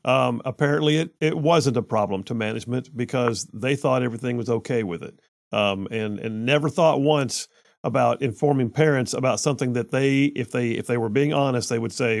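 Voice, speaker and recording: A man hosting a radio talk show, chatty and quick, with lots of stumbling restarts. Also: mid-range voice, vocal fry, dry recording, clean studio sound. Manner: chatty, stumbling restarts, rushes when he gets going.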